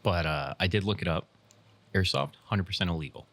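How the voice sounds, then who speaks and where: A man's voice: low-pitched, fairly quick, creaky, a bit bright, no room sound. A man co-hosting a podcast in casual chat, laid-back and matter-of-fact.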